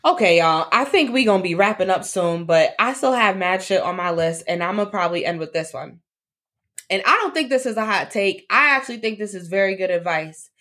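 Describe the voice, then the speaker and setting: A woman co-hosts a casual podcast chat. Her voice sits at a middling pitch, and she talks bluntly and teases, often repeating a line for effect. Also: a little fast, a bit bright. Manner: blunt and joking, repeats her lines for emphasis. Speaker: podcast co-host.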